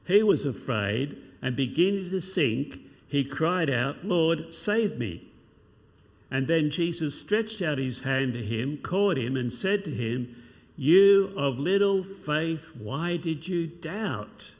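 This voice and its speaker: Male preacher, gravelly voice, mid pitch, expository sermon, long hall reverb. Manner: expository, rhetorical questions, reads scripture aloud.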